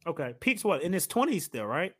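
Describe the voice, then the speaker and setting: Male podcast co-host, casual, animated storyteller who laughs a lot. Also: on the high side, fairly quick. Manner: animated, laughing while retelling. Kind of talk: casual chat.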